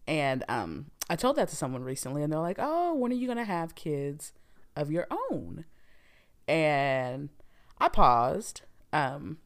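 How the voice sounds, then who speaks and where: A woman in her thirties hosting a casual solo podcast, talking candidly and rambling with frequent fillers. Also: deep voice. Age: 30s. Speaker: podcast host.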